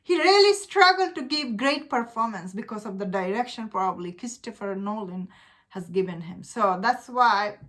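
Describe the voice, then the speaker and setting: A woman's voice: mid-range voice, expressive, moderate pace, fairly bright tone. A woman giving casual opinion commentary on a film as a movie blogger, chatty, with lots of filler words and frequent laughter.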